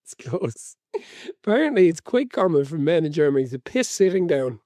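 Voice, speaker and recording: Mellow-voiced rambling man. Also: a little high, very animated, moderate pace, no echo, clean studio sound. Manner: chatty, rambling, self-amused. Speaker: podcast co-host. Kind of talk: casual chat.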